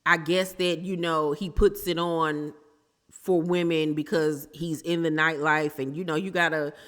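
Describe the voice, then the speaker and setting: A woman's voice: sits low, flat delivery, measured pace, a bit bright, long reverb tail. A woman giving blunt, sassy commentary as she recaps a reality TV episode for her channel. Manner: sassy, blunt, throws shade. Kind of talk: casual opinionated commentary.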